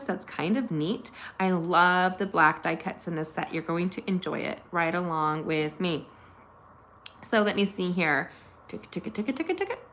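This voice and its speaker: A woman's voice: fairly low pitch, fairly bright tone, a little hiss or hum. Woman, bubbly, gushing, chatty live craft tutorial, home recording. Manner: bubbly, gushing, talks straight to viewers. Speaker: craft channel host.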